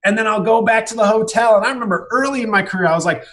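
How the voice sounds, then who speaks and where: A man's voice: high voice, rapid-fire, a bit bright. A man guesting on a podcast as a comedian, telling rambling, profane, self-mocking stories in casual chat.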